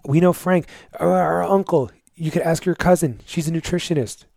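A man's voice: a little high, normal speed, creaky, mellow, dry recording, studio quality, pitched above the performer's own voice. A man imitating a wife who sweetly talks her husband out of spending money. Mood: dismissive. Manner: coaxing, dismissive, sweet-talking. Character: nagging, doting wife brushing off her husband's plans.

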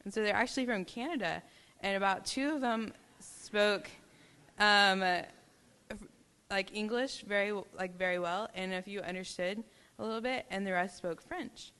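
A woman from Texas shares a testimony story in a chatty, casual way, sprinkling in "like" and "um". Her voice sounds bright and sharp, with a smooth, crisp clarity. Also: medium pitch, normal speed. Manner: chatty, filler-heavy. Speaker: ministry team member.

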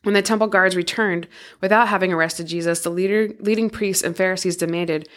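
A woman reads scripture aloud at a steady, measured pace. Her voice sits somewhat low for a woman. She narrates plainly, as a podcast co-host.

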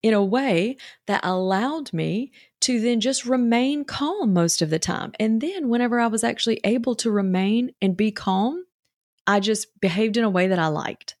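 A woman's voice: fairly high pitch, lively intonation, moderate pace, darkish tone, no echo, clean studio sound. A woman talking as a parenting coach, chatty and reassuring, with lots of fillers. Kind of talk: casual coaching talk.

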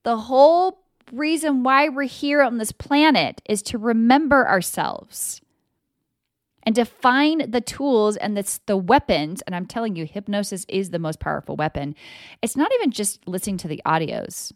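A woman with a higher-pitched, animated voice hosts a solo motivational podcast as an energy coach, speaking at a moderate pace. She's casual and emphatic, swears freely, and swings into loud mock voices. The sound is clean studio audio with no echo.

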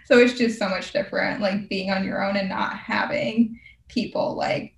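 A woman's voice: medium pitch, steady tone, moderate pace, creaky. A young woman talking casually and rambling, saying "like" constantly as she tells a personal story. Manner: rambling, heavy use of "like". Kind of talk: casual chat. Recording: roomy, distant from the mic.

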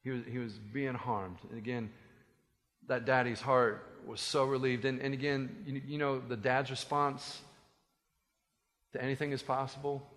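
Bright-voiced animated preaching man. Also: medium pitch, moderate pace, long reverb tail. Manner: animated, conversational, joking asides. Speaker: pastor. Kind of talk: sermon.

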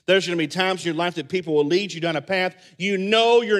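Male pastor, higher voice, animated sermon delivery with loud and soft swings. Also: quick pace, few pauses. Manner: animated preaching, voices characters in loud bursts and drops to soft quiet endings.

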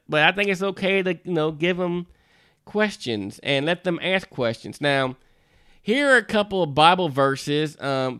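Bright, crisp-voiced male minister. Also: on the high side, dry recording, clean studio sound. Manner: conversational, with frequent "you know" asides and restarts. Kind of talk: folksy devotional talk to parents.

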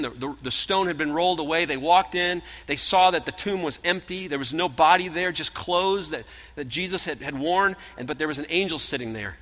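A man preaching a sermon, retelling scripture in animated storytelling style and acting out the voices. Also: a little high. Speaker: pastor. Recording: long hall reverb.

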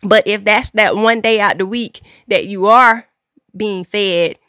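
A woman's voice: medium pitch, fairly even intonation, measured pace, fairly bright tone, smooth, dry recording. Earnest woman exhorting listeners, dry close sound. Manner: earnest, repetitive, preacher-like emphasis. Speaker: podcast host. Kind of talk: faith-based exhortation.

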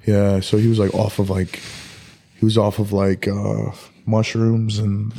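A man as a podcast guest, telling his life story in a loose, candid way, halting and full of "like" and "dude". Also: on the low side, monotone, creaky. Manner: soft-spoken and candid. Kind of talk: personal life story in a casual podcast interview.

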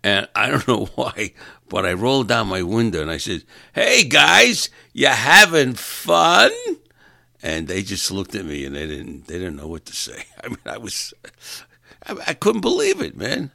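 A man's voice: deep voice, huge pitch swings, normal speed, vocal fry, a bit bright, no room sound, studio quality. A man in a rambling comic monologue, exasperated and ranting, stumbling over repeated words as he vents. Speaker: stand-up comedian.

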